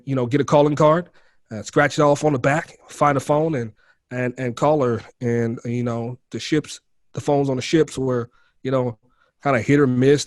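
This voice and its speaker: A man's voice: medium pitch, darkish tone, dry recording. Candid man telling stories, dry sound. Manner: candid, slangy, addresses the host as bro and man. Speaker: podcast guest. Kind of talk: casual storytelling in an interview.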